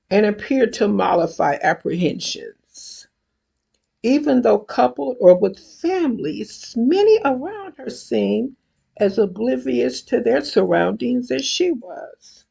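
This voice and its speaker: An older woman reads from her own book in a slow, deliberate manner. Her voice is gravelly and husky, and each phrase is measured out carefully. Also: medium pitch, a little mellow. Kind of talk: reading a book excerpt aloud.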